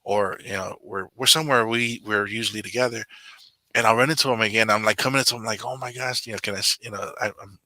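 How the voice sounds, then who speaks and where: A man's voice: on the low side, steady tone, quick pace, pushed and bright, dry recording. A man telling a personal story in a casual chat, earnest, with many fillers and restarts. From Samoan. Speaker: channel member guest. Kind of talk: casual video call chat.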